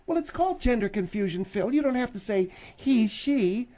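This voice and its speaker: A woman's voice: a little high, expressive, normal speed, dark tone. A woman co-hosting a radio talk show, arguing back in an indignant, needling way. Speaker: radio co-host. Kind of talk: casual radio banter.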